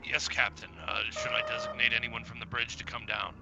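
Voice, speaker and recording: A man's voice: mid-range voice, level tone, a little fast, vocal fry, loud music behind the voice. A man playing a bridge officer in a tabletop game, answering politely and hesitantly in character. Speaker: player voicing a bridge officer. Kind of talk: in-character role-play.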